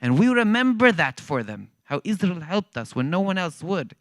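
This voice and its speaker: A man's voice: sits high, big pitch swings, moderate pace, no room sound, voice pushed up. A man putting on the voice of an angry male ambassador who lectures emphatically. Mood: proud. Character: angry, loud middle-aged male African ambassador.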